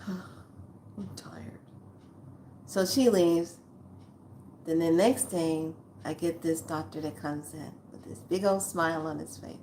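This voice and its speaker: A woman's voice: sits low, a little slow, warm tone, slight background noise. A woman in her sixties telling a personal story to her viewers in a chatty, blunt, earthy way, calling them lovelies. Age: 60s. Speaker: spiritual vlogger. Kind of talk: casual storytelling to camera.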